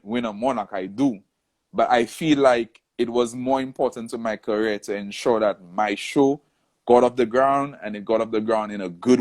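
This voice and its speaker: A man telling a long story in a casual interview and acting out the voices of the people in it. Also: medium pitch. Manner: animated storyteller, acts out quoted voices. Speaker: soca artist, interview guest.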